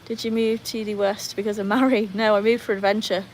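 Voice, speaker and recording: A British woman hosts a relaxed livestream from her home. She chats freely, reads out viewers' questions and talks to her dogs. Her voice sits at a middle pitch, with faint household noise in the background. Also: fairly quick, rough recording. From Britain. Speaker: livestream host. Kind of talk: casual livestream chat.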